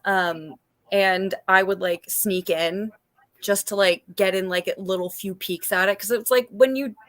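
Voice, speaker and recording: Uma mulher de uns trinta anos, convidada de um bate-papo ao vivo, falando de forma descontraída e rindo com facilidade. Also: female voice, mid-range voice, steady tone, unhurried. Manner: chatty, laughs easily, fillers like "like". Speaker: panel guest. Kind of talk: casual livestream panel chat. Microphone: video call.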